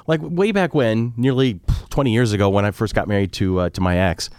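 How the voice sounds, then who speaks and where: Clean, echo-free studio sound carries this forties-aged podcast co-host's smooth, low-leaning voice as he talks briskly. In casual chat, he tells stories animatedly and acts out the quotes.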